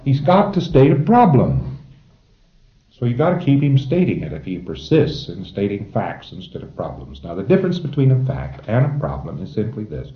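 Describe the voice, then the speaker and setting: Low-voiced man lecturing on old tape. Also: sing-song, moderate pace, echoey room, highs cut off. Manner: emphatic, wry, chuckles at own jokes. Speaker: lecturer training auditors. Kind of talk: informal lecture to a class.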